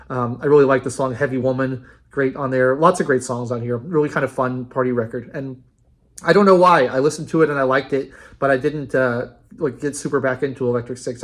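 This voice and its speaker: A man casually ranking a band's albums in a rambling, enthusiastic monologue, with many fillers and restarts. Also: mid-range voice. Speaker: music reviewer.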